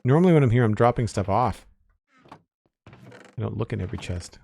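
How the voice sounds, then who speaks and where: A man's voice: fairly low pitch, fairly quick, vocal fry. A man casually chatting with viewers while playing a game on a live stream, thanking followers and commenting as he goes. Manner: relaxed, chatty, reads out chat names and thanks followers.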